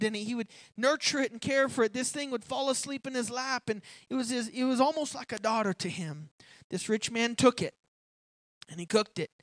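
A young adult preacher giving a sermon, talking conversationally with chuckles between points and building to forceful emphasis. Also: medium pitch, no echo.

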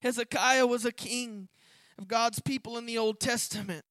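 A preacher delivering an impassioned sermon, building to shouts, then reading scripture lower and quieter. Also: steady tone, normal speed, no echo. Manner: impassioned, rising to shouts on key points.

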